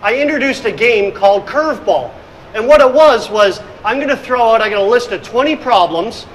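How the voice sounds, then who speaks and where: A man's voice: extremely high pitch, expressive, normal speed, a little hiss or hum, rough recording. A middle-aged man giving a conference presentation on hospitality leadership, telling stories with energy and acting out scenes. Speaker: hospitality consultant and speaker. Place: conference room.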